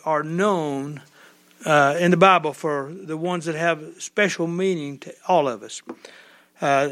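Folksy rambling man, slightly high voice. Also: a bit bright. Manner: folksy, rambling, many restarts and fillers. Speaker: lawyer giving a talk on mothers. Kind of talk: informal devotional talk.

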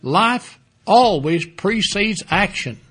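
A man preaching a sermon, emphatic, repeating key phrases and dropping low and soft toward the close. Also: lively intonation, takes it slowly, breathy edge.

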